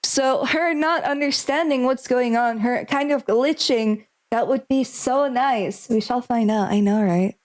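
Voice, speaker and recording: A young woman with a slightly high voice reads visual novel text aloud during a stream. Between lines she chats and speculates, thinking out loud in a casual way. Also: low-quality recording. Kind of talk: reading game text aloud and casual commentary.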